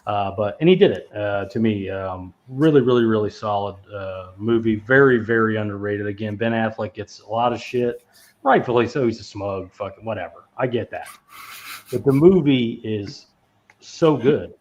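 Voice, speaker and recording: A man's voice: lowish voice, moderate pace, a little mellow, dull audio. A man co-hosting a casual movie podcast who rambles, swears freely and laughs often as he talks. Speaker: podcast co-host. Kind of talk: casual movie review chat.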